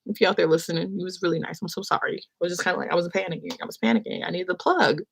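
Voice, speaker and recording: A young adult woman casually telling an animated, rambling story on her live stream. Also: fairly low pitch, rapid-fire, creaky, breathy edge. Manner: animated, rambling, acts out quotes.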